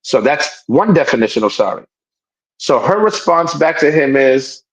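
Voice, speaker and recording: A man's voice: mid-range voice, very animated, moderate pace, rough recording. A man co-hosting a podcast in casual chat, talking emphatically, repeating himself and restarting his sentences. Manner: acts out quoted people in raised voices. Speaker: podcast co-host.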